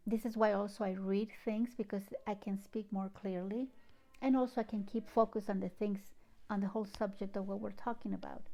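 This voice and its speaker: A woman with a foreign accent speaks in a soft, unhurried, heartfelt way. Her tone is warm and mellow, with a gravelly edge of vocal fry. She shares inspirational thoughts and reads poetry aloud, sometimes dropping into hushed asides. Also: medium pitch. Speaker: spiritual channel host. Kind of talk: gentle inspirational talk and poem reading.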